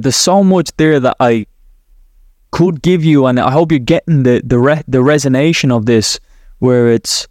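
Guiding his listeners through a visualization, a podcast host and NLP coach rambles and corrects himself as he talks. His voice is medium-pitched and a little mellow, captured with studio quality and no echo.

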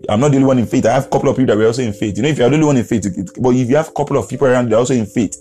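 A man's voice: medium pitch, rapid-fire, mellow, faint music behind. A man from Nigeria preaching a podcast sermon in an earnest, repetitive way, chuckling now and then.

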